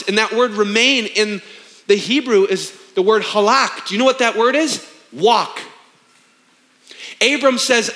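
A man's voice: high-pitched, measured pace, bright, forceful tone. A man in his thirties, a pastor preaching a sermon in an emphatic, conversational way with rhetorical questions.

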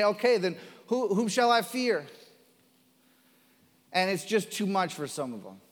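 A man's voice: on the high side, long reverb tail. A man preaching a sermon as pastor, earnest and building to emphatic, repeated declarations. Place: church sanctuary.

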